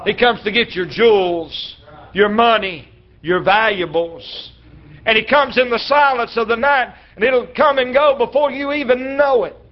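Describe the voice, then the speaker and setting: Male traveling preacher, very high voice, folksy storytelling sermon with shouted peaks, slightly muffled recording. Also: unhurried. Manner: folksy preacher, acts out dialogue, breaks into shouts. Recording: slightly dull lo-fi church recording.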